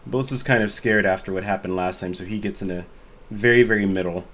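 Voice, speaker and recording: A man's voice: fairly low pitch, fast talker, fairly bright tone. A man running a tabletop game over a voice call, narrating casually with lots of filler words. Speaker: game master. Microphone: computer mic on a voice call.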